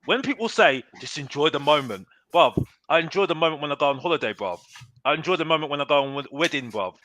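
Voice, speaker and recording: A man's voice: fairly high pitch, animated, fast talker, a bit bright, a little hiss or hum. A man, arguing and teasing in a heated football podcast chat, saying "bruv" often. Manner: argumentative, teasing, says "bruv" a lot. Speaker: podcast guest. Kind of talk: heated casual banter.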